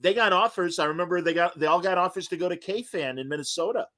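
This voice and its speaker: Laughing man telling animated stories. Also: high voice, fast talker. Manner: animated storyteller, laughs often, acts out quotes. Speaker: podcast host. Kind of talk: casual reminiscing chat.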